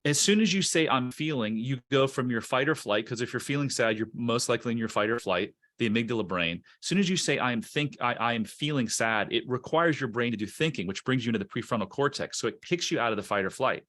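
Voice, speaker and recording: A man's voice: mid-range voice, animated, quick pace, few pauses, fairly bright tone. Earnest man giving coaching advice. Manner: earnest, self-help explaining, restarts words. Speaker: guest, coach. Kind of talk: podcast interview, coaching advice.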